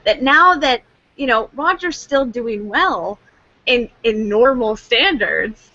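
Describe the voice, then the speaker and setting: A woman co-hosting a casual chat, animated and laughing as she acts out reactions. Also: a little high, slow pace, dry recording, lo-fi sound. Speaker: co-host.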